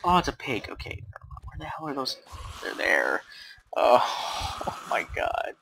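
A young man giving casual game commentary, jumpy and swearing, swinging between hushed muttering and panicked yells. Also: mid-range voice, wildly swooping pitch, a little slow, vocal fry, slight background noise, low-quality recording. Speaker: gamer.

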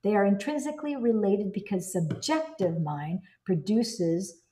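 A woman's voice: mid-range voice, measured pace, warm tone. A woman reading a self-help book aloud and breaking off into enthusiastic personal commentary. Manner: enthusiastic, exclaims and digresses.

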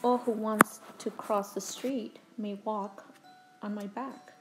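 Woman voicing a gentle giant dinosaur, storybook read-aloud, calm, kindly. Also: medium pitch, takes it slowly, faint music behind. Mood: friendly. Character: big friendly gentle male dinosaur.

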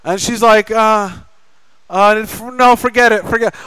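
Man, pastor, sermon, high voice, dry close sound. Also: steady tone, fairly quick, sharp tone, smooth, no echo, rough recording. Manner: storytelling with acted-out family dialogue; jokey, chatty with the congregation. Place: church sanctuary.

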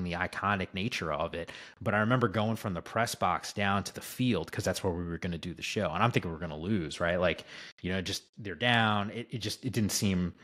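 Man, very low voice, podcast guest, excited rambling anecdotes, casual talk. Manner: enthusiastic, rambling, heavy use of "like" and "right?". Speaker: guest, sports broadcaster.

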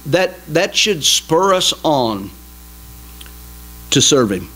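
A man preaching a sermon in a small church, emphatic and folksy, swinging between loud exhortation and quiet asides. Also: a little high, very animated, extremely slow, poor audio. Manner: folksy, jokes with the congregation. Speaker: pastor.

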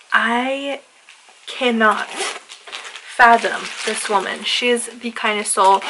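A woman's voice: mid-range voice, noisy background. A young woman in her twenties talking casually to her camera, chatty and gushing, drawing out words for emphasis. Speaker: vlogger. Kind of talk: casual vlog talk to camera. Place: inside a parked car and at home.

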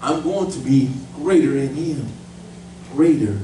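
A man preaching a sermon as pastor, building to loud shouted peaks and calling on the congregation to answer. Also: a little high, moderate pace, heavy reverb, recorded from a distance, slight background noise, poor audio. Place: church sanctuary.

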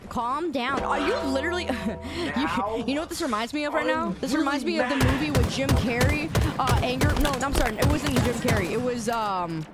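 A woman game streamer in casual live-stream chat, playful and teasing, arguing loudly with her chat. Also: high-pitched, moderate pace, over loud music. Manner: playful, teasing and argumentative, loud when riled.

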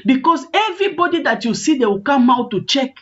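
A woman's voice: sits high, big pitch swings, fairly quick, fairly bright tone. A woman evangelist preaching a sermon, telling a testimony with acted quotes and impassioned, repetitive calls in prayer. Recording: muffled lo-fi online call audio.

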